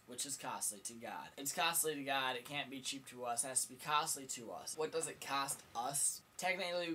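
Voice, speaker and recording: A man's voice: mid-range voice, bright, forceful tone, a little hiss or hum. A young man preaching a casual vlog sermon, earnest and plain-spoken, repeating his key points for emphasis. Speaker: vlogger preacher.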